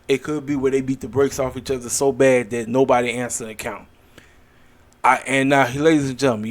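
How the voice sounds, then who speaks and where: A man hosting his own wrestling channel, giving blunt, opinionated predictions in a rambling casual chat, tired and yawning late at night. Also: medium pitch. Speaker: wrestling commentary channel host. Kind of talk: casual solo predictions video.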